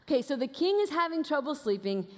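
High-voiced woman preaching, lively storyteller. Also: fast. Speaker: guest preacher. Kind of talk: sermon. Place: church auditorium. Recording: long reverb of a large hall.

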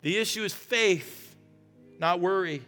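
A man preaching a sermon as pastor, earnest and pleading, dropping to a hush when he prays. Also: high-pitched, measured pace, in a large hall, soft background music. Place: church auditorium.

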